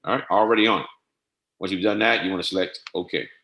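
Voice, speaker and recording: A man giving a casual screen-share tutorial on trading software, often saying "all right" and spelling codes out slowly. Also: deep voice. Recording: echoey room.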